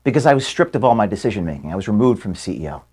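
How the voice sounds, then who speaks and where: A man close to tears giving a halting farewell address to his staff from an office room, repeating words and apologizing for his emotion. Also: on the low side, sing-song, darkish tone, husky.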